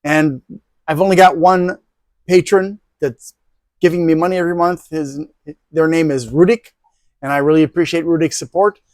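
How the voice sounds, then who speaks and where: A man's voice: a little high, steady tone, normal speed, long pauses, darkish tone, no room sound. Dry, close-miked man hosting a fan review. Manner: rambling, many ums and restarts. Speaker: tech video host. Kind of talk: casual product review.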